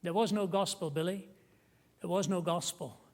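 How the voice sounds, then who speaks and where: A man preaching with a fairly high voice, telling stories from the pulpit. He swells into emotional emphasis on the quoted words. His voice carries a long reverb from a large hall. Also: moderate pace, a little mellow. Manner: storytelling, rising to emotional emphasis when quoting. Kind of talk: sermon.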